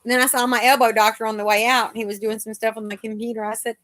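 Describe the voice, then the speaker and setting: A woman's voice: a little high, level tone, rapid-fire, fairly bright tone. Chatty woman telling stories. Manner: chatty storyteller, acts out the doctors' lines. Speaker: host of a live chat. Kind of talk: casual live chat.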